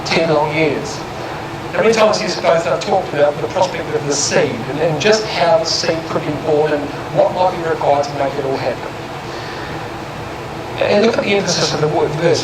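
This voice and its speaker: A man with a high voice gives a Bible exposition talk. He poses rhetorical questions and reads verses with careful stress. The sound is roomy and echoey, with loud air-conditioning hum behind. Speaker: Bible speaker.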